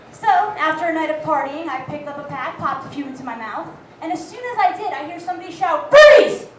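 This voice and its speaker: Brash high-voiced young woman comic. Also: animated, moderate pace, over a noisy crowd. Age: young adult. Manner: brash, raunchy, self-mocking. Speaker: stand-up comic. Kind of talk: stand-up set. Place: comedy club stage. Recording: echoey club, far from mic, faint noise.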